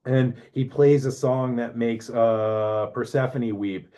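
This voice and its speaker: A man's voice: medium pitch, steady tone, slow pace, mellow. A man hosting an astrology talk show, rambling casually and often asking "right?". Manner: rambling, filler-heavy, keeps asking "right?". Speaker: astrology podcast host.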